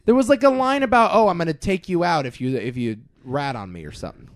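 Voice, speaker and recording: Animated swearing podcast co-host, dry sound. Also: male voice, fairly high pitch, fast talker, dry recording. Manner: animated, swearing, lively storytelling. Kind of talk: casual film review chat.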